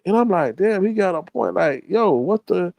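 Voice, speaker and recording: A man's voice: normal speed, vocal fry, no room sound, poor audio. A man casually telling a story to his live stream audience, slangy and profane, acting out the people in it. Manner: animated, acts out quoted people with higher pitch.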